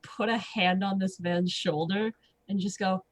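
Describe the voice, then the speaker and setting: A woman chatting playfully in a tabletop game, mid-pitched. Her voice comes through dry and close with no room sound. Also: fairly even intonation, measured pace, no echo, poor audio. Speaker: player. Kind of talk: casual tabletop play.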